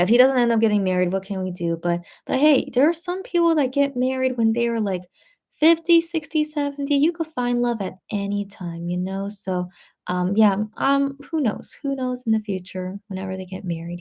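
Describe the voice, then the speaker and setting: A woman's voice: medium pitch, a little mellow. A woman hosting a late-night livestream, reading viewer comments aloud and chatting back in a rambling way, full of fillers and restarts, sounding tired and a little tipsy. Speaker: livestream host reading chat.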